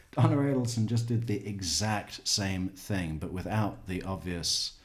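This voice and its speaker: A man hosting commentary on recorded calls, joking and chuckling in casual asides. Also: deep voice. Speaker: host.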